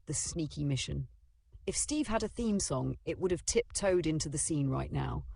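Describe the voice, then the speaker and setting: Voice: mid-range voice, expressive, normal speed, creaky, a little mellow, husky, no echo. A narrator reading a children's storybook in a dramatic, playful way.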